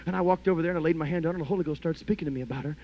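A man preaching a sermon as a story, talking conversationally with lots of "you know", and swinging between hushed and loud passages. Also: fairly high pitch, very fast. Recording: dull lo-fi podcast audio.

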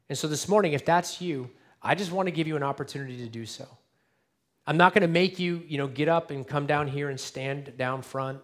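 A man preaching an Easter sermon as pastor, earnest and direct, dropping to a hush and then rising to emphatic appeals. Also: fairly high pitch, a little fast. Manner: earnest, dynamic swings between hushed and emphatic. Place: church sanctuary.

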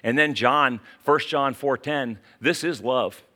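A man with a West Virginia accent preaching a sermon, dropping to quiet asides and then rising to urgent, emphatic calls. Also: mid-range voice, slow pace. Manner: dramatic swings from hushed asides to urgent exclamations. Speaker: pastor.

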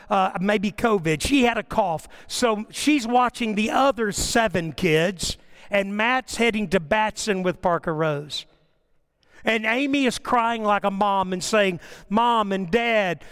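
An older male pastor delivers a sermon, weaving personal family stories into scripture. His voice sits fairly high for a man and swells with passion as he drives home each point. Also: a bit bright, clear, resonant tone. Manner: impassioned, storytelling preacher with swelling emphasis.

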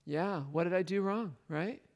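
High gravelly man leading a group. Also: normal speed, a little mellow. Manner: asks the group questions and retells the story; laughs often. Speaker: Bible study leader. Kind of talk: interactive Bible teaching.

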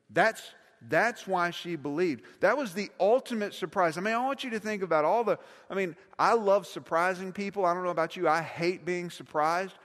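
A man's voice: high voice, fairly bright tone. A middle-aged man, preaching a sermon in a casual, conversational way and repeating phrases for emphasis. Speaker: pastor. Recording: long reverb of a large hall.

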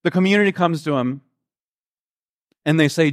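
A pastor with a high, light male voice preaches a sermon. He tells the story earnestly, stumbling and restarting often, and slows down and softens when he quotes.

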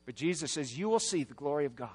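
Dynamic male preacher, fairly high voice. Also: animated, quick pace, husky, in a large hall. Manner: dynamic preaching, swings from hushed to shouting. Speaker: pastor. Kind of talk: sermon.

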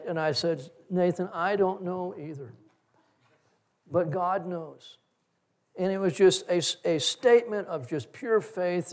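A middle-aged man preaching a sermon in a conversational, folksy way, with stories and soft, trailing phrase endings. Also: fairly high pitch. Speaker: pastor.

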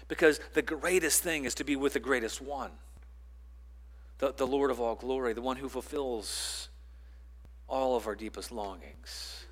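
A man preaching a sermon as pastor, building to loud emphatic lines and dropping to quiet ones, with repeats and restarts. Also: mid-range voice. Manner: repeats words and restarts phrases.

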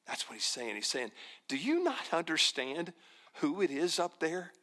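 Male pastor preaching; bright, slightly high voice, deliberate and emphatic. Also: sing-song. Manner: slow, emphatic preaching with repeated phrases, dropping to near-whispers. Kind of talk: sermon.

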